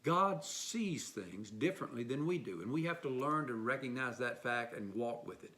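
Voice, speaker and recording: A man preaching a sermon as a church pastor, telling stories and acting out the quoted lines with swings in his voice. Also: moderate pace. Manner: storytelling, voices quotes with lively pitch swings.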